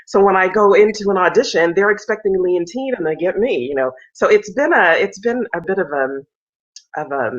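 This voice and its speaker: Over muffled video call audio, an opera singer in her fifties tells stories in a casual interview, her medium-pitched voice moving a little fast. She's an animated storyteller who acts out the voices of the people she quotes.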